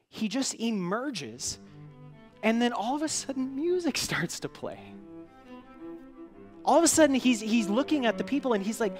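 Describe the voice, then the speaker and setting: A tired man preaching a sermon in a church hall, earnest and halting, with many restarts, and moved to emotion at times. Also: sits high. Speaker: pastor.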